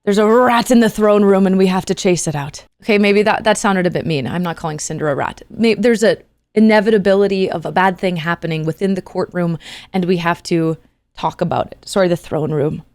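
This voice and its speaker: A woman's voice: lowish voice, a little fast, darkish tone, dry recording. A woman streamer talking earnestly and casually to her chat, rambling and soothing with the odd joke.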